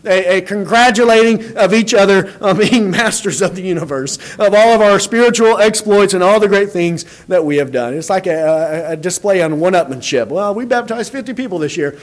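A man preaching a sermon, animated, acting out quoted dialogue and often repeating words as he starts a phrase. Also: high voice, fairly quick, hardly any pauses.

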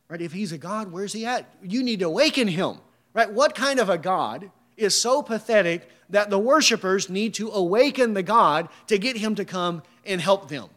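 A man's voice: sits high, expressive, normal speed, a bit bright. A man preaching a sermon, reading scripture and asking emphatic rhetorical questions.

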